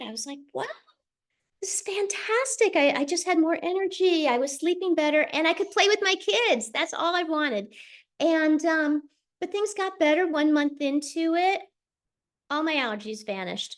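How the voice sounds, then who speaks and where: A middle-aged woman hosting a show, telling a personal story in a chatty, animated way over a video call. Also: on the high side. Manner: chatty, animated, quick asides. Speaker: host sharing a personal testimonial. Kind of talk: casual storytelling.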